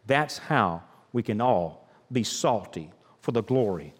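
A man's voice: fairly low pitch, expressive, slow. An older male pastor preaching a sermon, building rhythmic emphasis through repeated phrases. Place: church sanctuary. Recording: long hall reverb.

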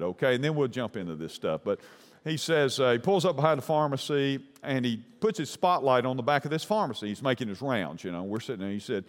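A man's voice: mid-range voice, long reverb tail. A man preaching a sermon, telling a long anecdote in a folksy, rambling way. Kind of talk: sermon storytelling.

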